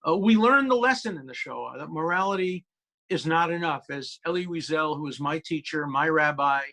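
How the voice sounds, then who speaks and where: Bright, emphatic man lecturing. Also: on the high side, animated, normal speed. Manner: emphatic, storytelling, many "uh"s. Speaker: guest speaker, law professor. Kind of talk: talk on a video call. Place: home, on a video call. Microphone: video call.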